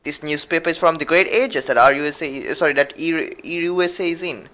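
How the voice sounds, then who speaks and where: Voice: medium pitch, quick pace, bright, forceful tone. A podcast co-host chatting casually, giggling and rambling while reading aloud. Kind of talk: casual chat.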